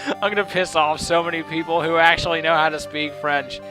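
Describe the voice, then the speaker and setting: A man's voice: fairly high pitch, fairly even intonation, brisk, pushed and bright, faint music behind. A man giving casual, giggly, self-mocking commentary over a game. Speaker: let's play commentator.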